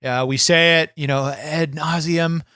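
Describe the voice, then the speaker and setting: A man's voice: fairly high pitch, fairly even intonation, a little slow, bright, forceful tone, smooth, no room sound, studio quality. A man hosting a comedy wrestling podcast, talking brashly and swearing freely. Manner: brash, swears freely, hard-selling promo tone. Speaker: podcast host.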